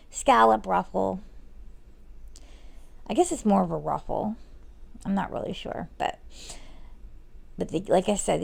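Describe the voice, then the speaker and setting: A woman narrating a step-by-step nail art tutorial in a relaxed, chatty way, often correcting herself as she explains. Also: medium pitch, creaky. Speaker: nail artist.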